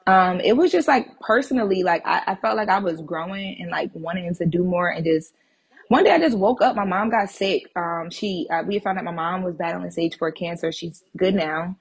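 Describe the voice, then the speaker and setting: A woman guest on a podcast, telling a personal story in a casual, animated and blunt way, swearing freely. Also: on the low side, normal speed, gravelly, slightly rough.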